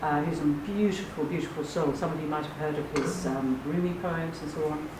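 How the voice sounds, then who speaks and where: A woman voice teacher leads a workshop in a fairly low voice. She is playful and self-deprecating, and she slips into sung vowels between her words. The room is roomy and echoing, she stands back from the mic, and a steady noise runs underneath. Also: brisk. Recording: echoey room heard from a distance.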